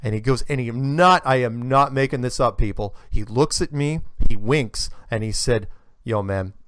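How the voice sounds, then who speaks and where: A man telling an animated, rambling story in casual conversation, with many restarts. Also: mid-range voice, normal speed, no room sound, clean studio sound. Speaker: guest speaker.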